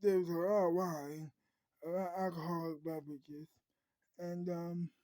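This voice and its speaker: A woman telling a made-up story, stopping often with ums and uhs as she goes. Her voice sits low and sounds dark and mellow, and she takes her time. The recording is dry and close. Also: steady tone, no echo, low-quality recording. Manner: halting, full of ums and uhs. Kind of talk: improvised story narration.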